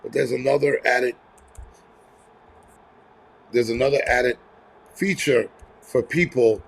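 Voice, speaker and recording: A man's voice: medium pitch, steady tone, slow pace, gravelly. A man hosting a casual livestream, ranting bluntly with a lot of swearing and rambling asides. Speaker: livestream host. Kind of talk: casual angry livestream rant. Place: home near a terrace.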